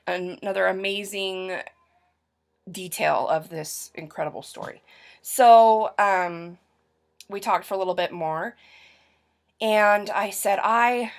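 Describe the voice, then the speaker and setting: A young woman from Utah telling a personal story to her camera in a chatty, rambling way, full of fillers and restarts. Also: medium pitch. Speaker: vlogger.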